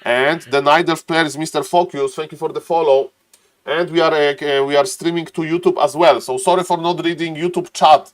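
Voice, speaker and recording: A man casting a strategy game live on stream, excitable, laughing often and calling out to "ladies and gentlemen" between plays. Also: a little high, fairly quick. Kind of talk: live esports commentary and chat reading.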